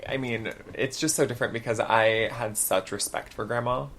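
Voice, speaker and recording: This podcast co-host is a man with a mid-range voice speaking at a normal speed. In casual chat, he tells stories animatedly and acts out the quotes.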